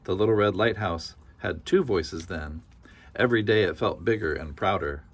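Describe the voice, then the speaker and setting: A man reads a children's picture book aloud, his voice sitting on the low side. He tells the story gently and rhythmically, leaning into its repeated phrases. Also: normal speed. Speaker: storybook reader.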